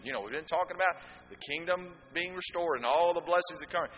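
A man's voice: on the high side, brisk, fairly bright tone, lo-fi sound. A man preaching a sermon to a congregation, asking rhetorical questions and throwing in asides to the listeners. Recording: echoey hall with faint background noise.

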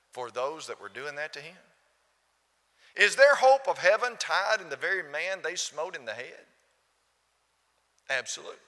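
A man's voice: a little high, very animated, moderate pace, long pauses, sharp tone. A man preaching a sermon, pressing his listeners with emphatic, repeated rhetorical questions. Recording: long reverb of a hall.

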